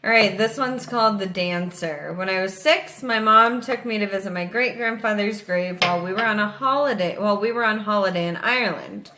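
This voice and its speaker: A young woman co-hosts a podcast, chatting loosely and swearing without a second thought. Her bright, crisp tone sits at a middle pitch. She reads out listener stories and tells her own ghost stories in a relaxed, everyday way. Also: fairly quick, few pauses, slight background noise. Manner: casual, swears freely, laughs between lines. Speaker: podcast co-host. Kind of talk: casual chat reading listener stories.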